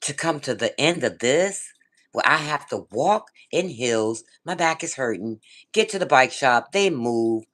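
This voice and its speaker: This vlogger is a middle-aged woman with an extremely low-pitched voice. She relates a story in a relaxed, animated way, swearing freely while addressing her viewers and a friend directly.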